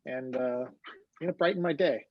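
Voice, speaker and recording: A man on a video call, chatting in a relaxed, easygoing way. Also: mid-range voice, moderate pace, no echo. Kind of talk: casual chat. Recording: dull dry video-call audio.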